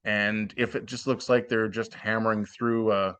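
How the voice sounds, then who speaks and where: A man's voice: lowish voice, level tone, normal speed, fairly bright tone, clean tone. A man giving blunt, plainspoken advice as a guest in a casual podcast interview. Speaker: podcast guest, former cooking show contestant.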